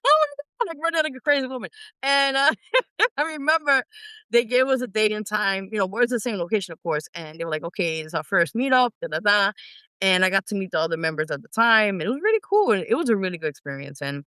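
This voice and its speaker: A middle-aged woman, an independent singer telling stories in an animated way as an interview guest, acting out her own past reactions. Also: mid-range voice, quick pace, clear, resonant tone, dry recording. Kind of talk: casual interview storytelling.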